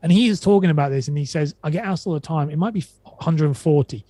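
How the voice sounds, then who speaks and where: A man's voice: a little high, fast, dark tone, no echo. A man on a podcast who chats casually, rambling and retelling quotes with many restarts. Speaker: podcast guest. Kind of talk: casual conversation.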